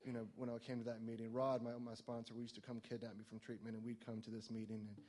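A man's voice: mid-range voice, completely flat delivery, quick pace, mellow, long reverb tail. A man telling his personal recovery story to a meeting, rambling and self-mocking, filling his talk with "like" and "you know". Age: adult, no longer young.

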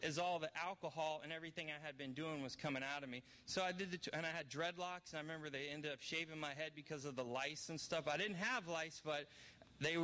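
A man's voice: a little high, pushed and bright. A middle-aged man from New Orleans telling his recovery story to an audience, candid and rambling with self-deprecating humor. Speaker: recovery speaker. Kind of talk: personal testimony to an audience.

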